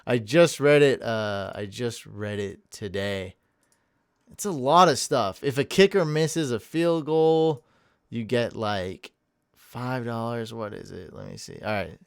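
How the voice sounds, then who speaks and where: Energetic man with a smooth voice. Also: mid-range voice, a little slow, dry recording, studio quality. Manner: energetic, rambling, laughs at himself. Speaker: podcast host. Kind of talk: casual chat.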